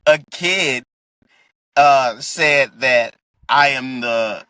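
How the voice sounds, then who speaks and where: A man's voice: mid-range voice, drawn-out words, pushed and bright, dry recording. A man being interviewed as a wrestler guest in a casual podcast, laughing often and restarting his sentences.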